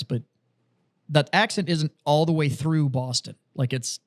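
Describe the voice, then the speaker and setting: A man co-hosting a podcast, telling stories in casual, profane, animated chat. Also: a little high, a little slow. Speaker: podcast co-host.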